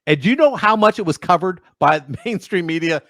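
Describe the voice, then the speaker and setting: A man with a mid-range voice hosts a radio comedy show. His pitch swings widely as he tells stories and quotes people in put-on voices. He sounds close to the mic in a dry studio. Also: animated, a little fast, a bit bright, dry recording. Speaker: radio host. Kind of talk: casual comedy chat.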